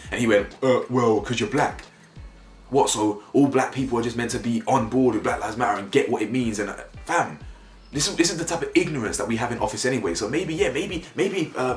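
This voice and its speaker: A young man with giving opinionated vlog commentary, getting worked up so his voice leaps high when he is indignant. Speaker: YouTube commentator. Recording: roomy echo, faint music behind.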